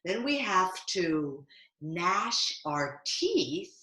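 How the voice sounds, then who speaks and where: A woman's voice: fairly low pitch, big pitch swings, drawn-out words, bright, forceful tone, reverberant. A woman teaching yoga to children over a video call, playfully coaching them through a picture-book story. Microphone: video call mic.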